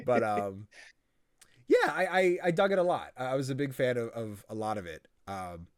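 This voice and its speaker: A young man hosting a podcast, chatting casually and acting out quotes in lively voices. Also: mid-range voice, normal speed. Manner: animated, quotes himself and others in lively voices. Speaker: podcast host. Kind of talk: casual chat.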